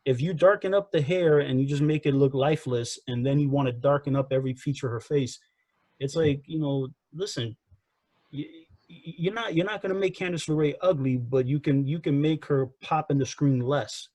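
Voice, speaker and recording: Speaking at a normal speed in a darkish voice on the high side, a man co-hosts a laid-back wrestling review podcast. He wanders through his opinions, repeats himself, and keeps saying "you know" and "again," with no echo in the audio.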